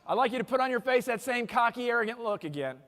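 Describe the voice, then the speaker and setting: A man with a notably high voice gives a motivational keynote from a stage. He is energetic and playful, cracking jokes and coaching the crowd through exercises. His voice carries a long reverb off a large conference hall. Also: quick pace. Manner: energetic, joking, directs audience exercises. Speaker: keynote speaker.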